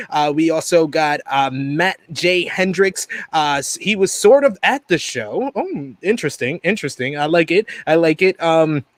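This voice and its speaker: A man's voice: fairly high pitch, no echo. A man hosting a live wrestling review stream, reading upbeat plugs and introducing a guest. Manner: upbeat promo-style plugs. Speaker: podcast host.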